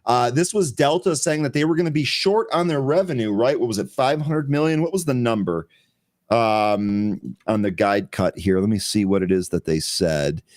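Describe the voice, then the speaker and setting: This man hosts a live morning stock show at a middle pitch. He talks in a chatty way, reads market headlines aloud and walks through charts. He laughs easily between points. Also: moderate pace. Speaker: host of a pre-market trading show.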